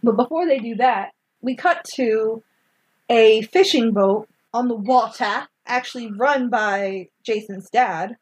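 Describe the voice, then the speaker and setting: A woman chatting casually as she recaps a movie. She is animated and laughs often, acting out the characters' lines in quick bursts, with a slightly high voice. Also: breathy edge, poor audio. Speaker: podcast co-host recapping a film. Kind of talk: casual chat.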